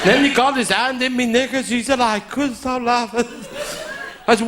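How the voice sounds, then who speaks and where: A man's voice: very high-pitched, animated, unhurried, crowd noise. A man with a broad Cornish accent telling a long comic story on stage, in dialect grammar, laughing along with his own punchlines. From Cornwall. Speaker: stand-up comedian. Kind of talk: live stand-up storytelling. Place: live show venue with an audience.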